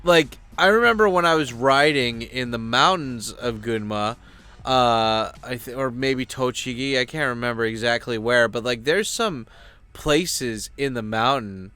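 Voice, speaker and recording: A man's voice: mid-range voice, a little slow, pushed and bright, clear, resonant tone, soft background music. A man giving loose, rambling commentary as a YouTube host, full of fillers and casual swearing.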